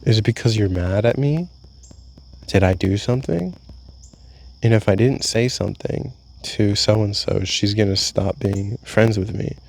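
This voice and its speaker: A man's voice: lowish voice, unhurried, vocal fry, a little mellow, slight background noise. A young man vlogging a candid, rambling confessional monologue, swearing freely as he talks.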